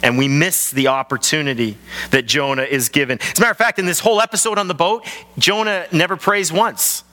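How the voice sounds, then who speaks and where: A man preaching a sermon as pastor of his church, telling the story in an animated way and acting out the voices. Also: fairly high pitch, fairly quick. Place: large church hall. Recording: long hall reverb.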